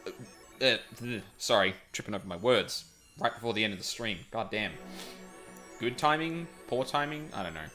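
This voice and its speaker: A low, bright-toned man, wrapping up a stream in casual chat. He rambles, hedges with fillers and corrects himself as he goes. Faint music plays behind him. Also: expressive, moderate pace.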